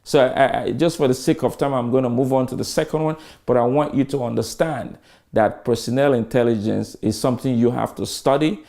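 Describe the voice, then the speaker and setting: A man's voice: medium pitch, fairly quick, gravelly, mellow. A man in his fifties giving an emphatic customer service training lecture, full of rhetorical questions and repetition.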